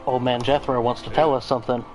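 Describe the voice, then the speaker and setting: A man's voice: medium pitch, level tone, quick pace, darkish tone, soft background music, low-quality recording. Profane rambling gamer man. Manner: rambling, profane, joking asides. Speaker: let's play host. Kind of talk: casual gameplay commentary.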